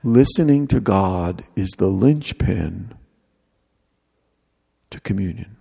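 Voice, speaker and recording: A man's voice: low voice, expressive, slow pace, gravelly, mellow, breathy edge, big-room sound. A man preaching a sermon in a humorous, conversational way, acting out little dialogues.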